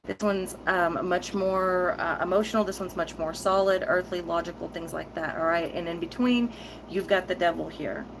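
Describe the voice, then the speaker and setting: A woman's voice: on the low side, moderate pace, gravelly, noisy background. Firm, emphatic woman reading tarot. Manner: firm, emphatic, repeats key phrases; heated, intense delivery. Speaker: tarot reader.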